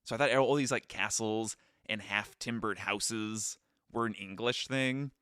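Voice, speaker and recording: A man's voice: on the low side, unhurried, fairly bright tone, smooth, no echo, studio quality. A man co-hosting a podcast in casual chat, joking and self-deprecating. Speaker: podcast co-host.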